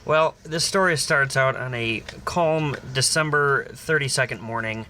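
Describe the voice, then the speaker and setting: A young man co-hosting a podcast, telling an improvised comedic story in a deadpan, playful way. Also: mid-range voice, unhurried, slight background noise. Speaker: podcast co-host.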